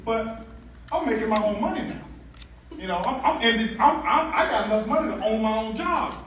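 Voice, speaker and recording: A man giving a lively motivational seminar talk, telling stories and joking with a live audience. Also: high voice, normal speed, slight background noise. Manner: animated storyteller, jokes with the crowd, asks for hands. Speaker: motivational speaker on stage. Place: large event hall. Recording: echoey hall, distant mic.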